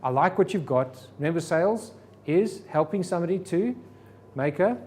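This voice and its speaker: A man's voice: a little high, expressive, normal speed, a little mellow. A man teaching a sales seminar to a live audience, firing rhetorical questions at the room. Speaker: sales trainer.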